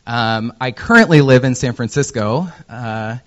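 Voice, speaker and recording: American guy doing a conference talk, self-deprecating jokes, lots of uhs, kinda muffled audio, middle pitch. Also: unhurried. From Indiana, USA. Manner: self-deprecating and joking, many ums and uhs. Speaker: user researcher and conference speaker. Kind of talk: presentation talk.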